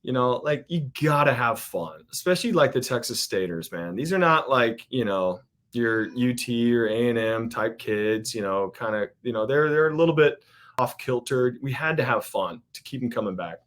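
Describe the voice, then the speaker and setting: A man's voice: mid-range voice, animated, normal speed, fairly bright tone. Rambling man telling stories. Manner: rambling, many fillers and restarts. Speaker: podcast guest. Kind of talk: casual storytelling chat.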